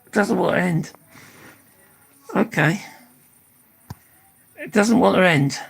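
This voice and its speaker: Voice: mid-range voice, slow, creaky, husky, poor audio. An older speaker chatting casually on a live stream, tired and losing their voice, swearing freely and laughing often.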